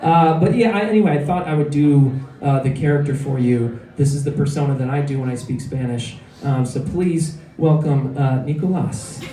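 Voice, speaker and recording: A man's voice: a little high, moderate pace, few pauses, echoey room, a crowd in the background. A man in his thirties from Illinois doing a rambling, self-deprecating stand-up set full of filler words, recorded from far off in a comedy club. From Illinois, USA. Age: 30s.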